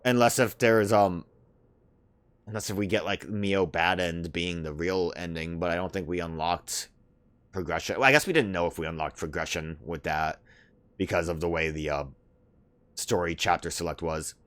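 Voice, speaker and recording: A man's voice: low-pitched, normal speed, fairly bright tone. A man hosting a let's play, chatting casually and thinking aloud with lots of "like" fillers as he reads the game's lines. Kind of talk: casual gameplay commentary, reading dialogue aloud.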